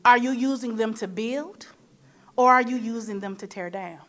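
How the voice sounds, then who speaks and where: A woman from Michigan, USA, moderates a forum with a motivational speech, her voice fairly high and fairly bright at a normal speed. She speaks in a preacher-like way, throwing out rhetorical questions and playful storytelling asides.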